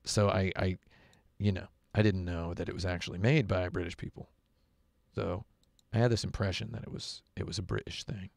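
A man's voice: low voice, fairly even intonation, fairly quick, vocal fry, no echo, clean studio sound. A man chatting casually on a game livestream, telling rambling, digressive stories into a headset at home. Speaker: streamer. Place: home room with carpet.

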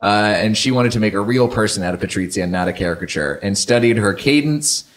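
A man's voice: fairly low pitch, expressive, fast. Wry man hosting a film podcast. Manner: sarcastic, wry, talks with fillers and restarts. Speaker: podcast host. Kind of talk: casual film discussion.

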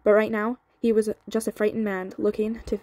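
A woman reading a novel aloud in a steady, even way, with a few slips and restarts, on sped-up audio. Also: medium pitch, fairly quick, no room sound. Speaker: audiobook reader.

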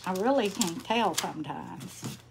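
Drawling, unhurried older woman. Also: medium pitch, expressive, creaky, noisy background. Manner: folksy, chatty, greets viewers by name. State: tired. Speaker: livestream host. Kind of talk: casual livestream chat while crafting.

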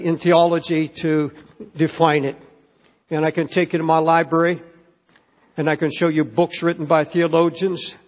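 A man preaching a sermon in a church in a deliberate, earnest way, stressing key phrases. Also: on the high side. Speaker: pastor. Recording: dull sermon tape in a reverberant church.

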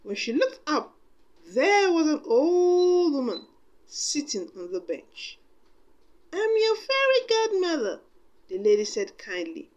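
A woman's voice: fairly high pitch, expressive, slow pace, darkish tone, highs cut off. A woman reading a storybook aloud expressively, with chatty asides to her listeners.

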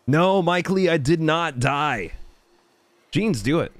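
A man's voice: fairly high pitch, animated, slow, dry recording. A man chatting casually on a live stream while playing a game, thanking viewers by name. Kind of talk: casual live-stream chat over gameplay.

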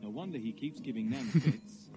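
An actor voicing a calm, good-natured young knight in video game dialogue. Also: male voice, medium pitch, normal speed, music in the background, close to an everyday voice. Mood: wry.

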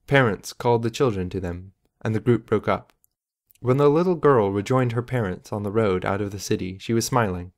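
A man narrates an audiobook with a fairly low voice. His delivery is measured and even, giving each sentence steady weight. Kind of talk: scripted narration.

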